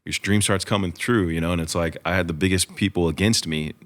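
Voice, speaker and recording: Deep-voiced guy hosting a podcast, talks quick, earnest pep-talk vibe, lots of you-knows. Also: fairly even intonation. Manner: earnest, motivational rambling with many fillers. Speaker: host. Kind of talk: casual podcast interview.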